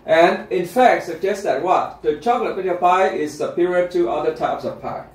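Roomy classroom teacher, higher male voice. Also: normal speed. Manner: checks in often with students, repetitive and encouraging. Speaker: English test teacher. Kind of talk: classroom lesson. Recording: roomy classroom, mic far off.

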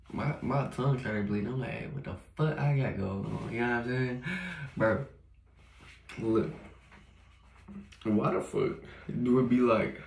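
Young male vlogger, gravelly, slangy and profane, rambling home monologue, echoey room. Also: medium pitch. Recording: roomy echo.

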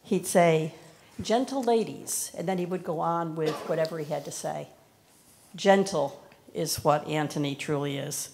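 A woman giving a heartfelt farewell speech to a departing minister in a church, in a halting, reflective way. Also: low voice, steady tone, gravelly, darkish tone. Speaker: congregation member giving a tribute. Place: church sanctuary.

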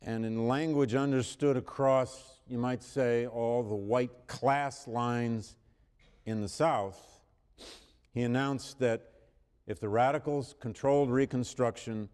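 In a large, reverberant lecture hall, a male history professor with a medium-pitched, slightly mellow voice delivers a university lecture. He speaks emphatically, corrects himself as he goes, and reads quotations with rising force, coughing now and then.

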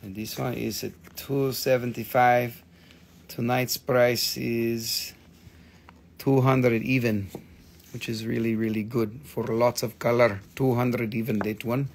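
Here a crystal seller on a live stream speaks slowly in a level, gravelly, mid-range voice, with a little hiss or hum on the recording. His chat is casual and full of swearing, and he reads out viewer comments. He pauses to count and name items as he shows them off.

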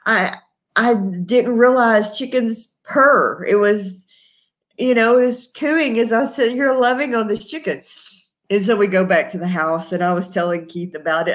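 A woman's voice: mid-range voice, moderate pace. A middle-aged woman with a Texan accent, chatting casually on a live stream, laughing often and greeting viewers by name. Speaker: host.

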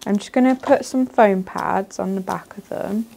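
A soft-spoken woman, casually demonstrating card making and laughing easily. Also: mid-range voice, moderate pace, gravelly.

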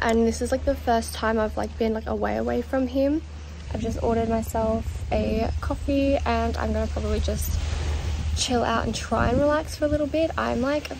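A woman's voice: fairly high pitch, gravelly, background noise. Chatty young woman vlogging. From Australia. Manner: chatty, emotional, lots of "like" fillers. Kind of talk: casual travel vlog. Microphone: phone held at arm's length.

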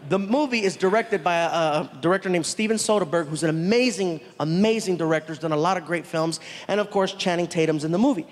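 Animated stand-up comedian in a reverby hall. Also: male voice, high-pitched, fast talker, hardly any pauses. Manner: animated, laughing, acts out every character. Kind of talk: stand-up storytelling. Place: on stage in a large venue.

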